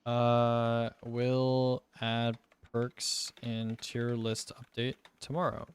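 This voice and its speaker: A man's voice: mid-range voice, monotone, drawn-out words, clear, resonant tone. A young man streaming, casually talking through game testing, thinking aloud, muttering through sums and swearing now and then. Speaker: gaming streamer.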